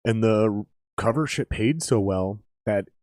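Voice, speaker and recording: Young podcast host guy, kinda low voice, swears constantly, dry close mic. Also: measured pace, dry recording. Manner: animated, heavy swearing, calls guests dude. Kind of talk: casual chat.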